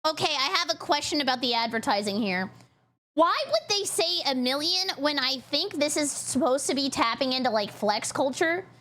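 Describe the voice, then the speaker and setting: High, lively woman streamer. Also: moderate pace. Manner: giggly, joking asides to chat. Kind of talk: casual reaction commentary.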